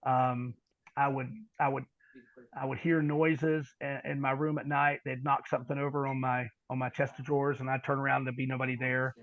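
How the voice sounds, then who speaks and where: Man telling a story, halting and dry. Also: mid-range voice, little pitch movement, no echo, lo-fi sound. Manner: halting, repeats words, drops to quiet asides. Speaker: podcast guest. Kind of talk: storytelling in conversation.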